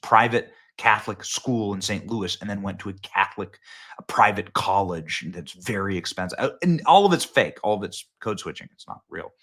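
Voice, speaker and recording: A man's voice: fairly low pitch, bright, forceful tone. A male host giving sarcastic, mocking political commentary in a casual style.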